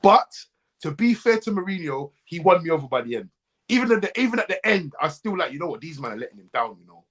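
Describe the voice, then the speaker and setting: A man's voice: fairly high pitch, fast talker. A man co-hosting a football podcast, ranting in heated casual chat and mimicking other fans. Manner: animated and ranting, mimics other fans' voices. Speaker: co-host.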